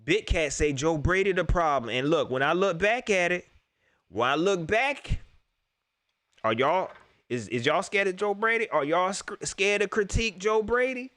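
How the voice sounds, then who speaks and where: Animated, bright-voiced sports fan man. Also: high-pitched, moderate pace, no echo. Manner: animated, repeats himself, laughs often; talks straight to viewers. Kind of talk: excited casual sports preview chat.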